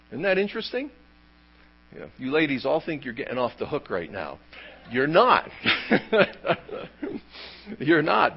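A man's voice: sits high, muffled recording. A man preaching a sermon, emphatic and full of rhetorical questions. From United States. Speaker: pastor.

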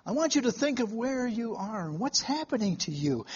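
A man preaching a sermon to a live congregation, telling stories in a folksy way with halting restarts and questions to the room. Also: very high-pitched, big pitch swings, breathy edge, muffled recording.

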